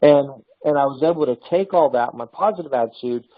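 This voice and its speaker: A man giving a casual motivational sales lesson, telling stories with animated restarts. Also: mid-range voice, fairly quick, no room sound, narrow, tinny audio. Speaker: sales trainer.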